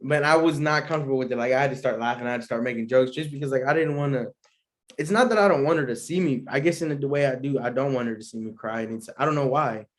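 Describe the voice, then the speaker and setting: A man's voice: mid-range voice, quick pace. A young man, hosting a solo podcast in a laid-back, rambling way and laughing often. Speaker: podcast host. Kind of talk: casual solo podcast chat.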